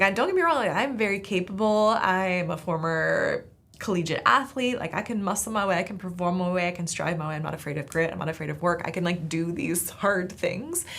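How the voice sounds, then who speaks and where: A woman's voice: on the low side, creaky. A woman from Southern California, a podcast host, telling an earnest faith testimony in a casual, searching way. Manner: casual, earnest, many "like" fillers.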